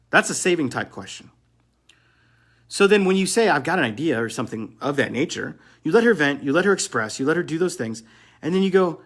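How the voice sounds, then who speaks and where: A man's voice: a little high, big pitch swings, fairly quick. A man coaching other men on relationships in a blunt motivational monologue, swearing and repeating phrases for emphasis.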